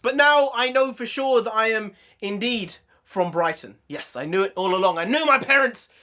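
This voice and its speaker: High-voiced excitable man with a southern English accent. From London area, England. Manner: excitable, jokey, laughs a lot. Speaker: YouTube host. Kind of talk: casual reaction commentary.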